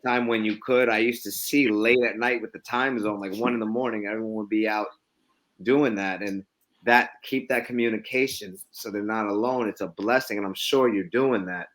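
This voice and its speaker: A man's voice: on the low side, fairly even intonation, moderate pace, a bit bright. A middle-aged man in a casual podcast conversation, telling stories reflectively with many restarts.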